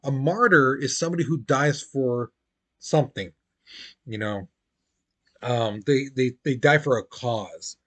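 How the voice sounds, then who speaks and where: A man's voice: mid-range voice, a little slow, pauses often. A man teaching a history lesson in a casual, chatty way, full of "you know" and "basically", acting out quotes in playful voices.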